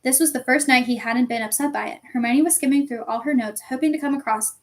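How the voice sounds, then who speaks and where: A woman reads a storybook aloud at a steady, calm pace. Her voice sits a little high for a woman. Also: quick pace. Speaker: audiobook reader. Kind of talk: storybook narration.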